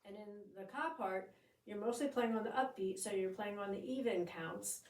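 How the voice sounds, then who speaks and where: A woman's voice: medium pitch, normal speed, darkish tone, recorded from a distance. A woman teaching a drum part, explaining each section and chanting the drum syllables and counts aloud. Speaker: drumming instructor. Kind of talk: step-by-step music lesson. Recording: echoey room, voice off-mic.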